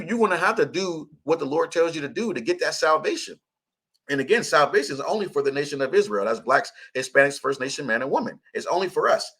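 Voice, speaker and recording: A man's voice: a little high, a bit bright. A man hosting a radio show, teaching scripture in casual talk, blunt and profane, laughing often.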